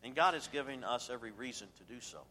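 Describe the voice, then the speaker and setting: Emphatic preacher in a reverberant hall. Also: male voice, mid-range voice, animated, fast talker. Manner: emphatic preaching, swings from loud to hushed. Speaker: pastor. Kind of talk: sermon.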